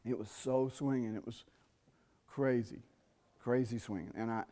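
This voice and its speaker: Brief: middle-aged male trumpet teacher, animated masterclass delivery, sings phrases to demonstrate. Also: mid-range voice. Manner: animated, sings rhythms and asks students quick questions. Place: university theatre.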